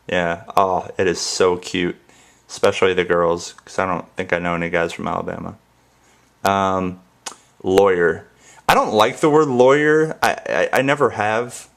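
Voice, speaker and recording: A young man from the States chats in a loose, goofy way, saying words again and again to test them. His voice sits very low. The talk is unscripted and rambling. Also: creaky, fairly bright tone. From United States. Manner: goofy, playful, repeats words in different ways. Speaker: ASMR channel host. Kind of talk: casual rambling vlog.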